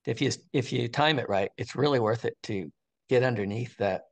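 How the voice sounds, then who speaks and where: Older male interview guest, casual storyteller, rambling with lots of "you know", mid-pitched voice. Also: normal speed, vocal fry. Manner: animated, rambling storyteller with frequent fillers and restarts.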